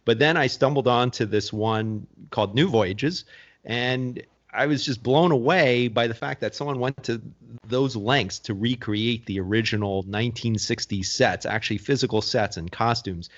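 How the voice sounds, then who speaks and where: A man guest on a podcast, calmly recounting his story in an easygoing, measured way. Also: medium pitch, lo-fi sound. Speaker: guest, actor. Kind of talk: casual conversational recounting.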